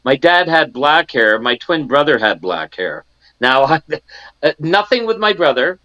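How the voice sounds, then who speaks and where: A man's voice: a little high, sing-song, a little slow, pushed and bright, dry recording, lo-fi sound. A man in his sixties from Canada, a guest in an interview, telling a personal story and acting out the family members he quotes, with many restarts. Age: 60s.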